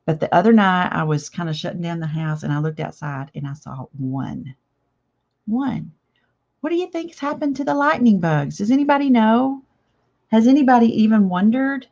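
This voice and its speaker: A woman's voice: medium pitch, expressive, normal speed, vocal fry, a little mellow, highs cut off. An older woman hosting a casual live craft chat, chatty and reading viewer comments aloud with frequent laughs. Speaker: craft channel host.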